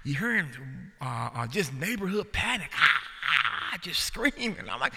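On stage before a live crowd, this comedy host has a voice on the high side with some vocal fry. His storytelling is animated, easing off the pace to land punchlines, while room noise and laughter fill the recording.

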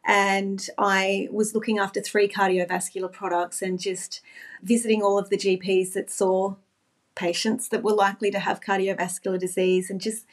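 A woman's voice: medium pitch, level tone, normal speed. A middle-aged woman, a former nurse, talking as a podcast guest in an earnest, reflective way. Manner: earnest, reflective, with frequent restarts. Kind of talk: reflective interview talk.

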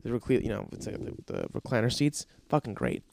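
A man's voice: medium pitch, wildly swooping pitch, brisk, gravelly, darkish tone. A man telling a stand-up story, cursing a lot and working himself up into exasperated rants. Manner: profane, ranting, exasperated outbursts. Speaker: comedian.

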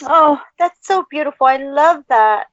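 A woman with a high voice hosts a casual podcast chat, gushing and effusive. Her sound is dull and lo-fi, with a dry, close feel. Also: animated, a little slow, a bit bright, dry recording. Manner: gushing, effusive baby talk to pets. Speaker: podcast host.

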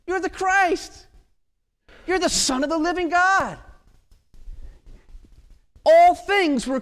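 A preacher doing a wheedling, coaxing Satan. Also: male voice, very high-pitched, pitched above the performer's own voice, heavily acted. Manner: wheedling, insistent, loud pleading. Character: flattering, coaxing Satan tempting Jesus.

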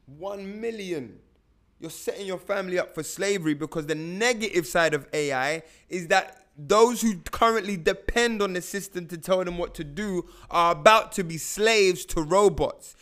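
A young man with a high voice talks in a loose, motivational monologue. He is slangy and emphatic and hammers his points by repeating phrases. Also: moderate pace, hardly any pauses, fairly bright tone.

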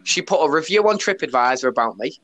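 A man's voice: on the high side, quick pace. Give me a blunt, sweary man telling a story. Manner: blunt, sweary, animated retelling with laughs. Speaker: podcast host; bar worker. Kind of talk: casual storytelling chat.

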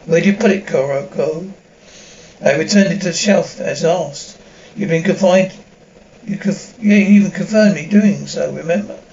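A man's voice: sits high, moderate pace, a little mellow, highs cut off. A man reading a dubbed drama aloud, speaking the sound cues between the lines.

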